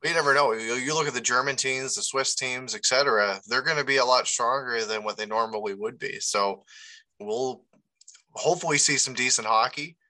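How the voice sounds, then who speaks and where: A man's voice: mid-range voice, moderate pace, bright, forceful tone, low-quality recording. A man co-hosting a hockey podcast in casual sports chat, easygoing and chuckling. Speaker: podcast co-host.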